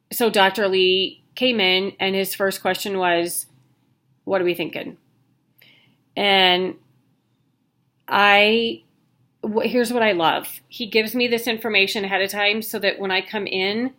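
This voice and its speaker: A woman's voice: mid-range voice, bright, forceful tone. A woman in her thirties, talking casually to the camera in a candid, chatty way with jokey asides, sounding worn out. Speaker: vlogger sharing her health news.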